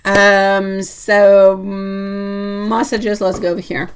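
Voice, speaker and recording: A woman's voice: medium pitch, flat delivery, slow, slight background noise. A woman hosting a live tarot reading stream, chatting casually with viewers, teasing and laughing often.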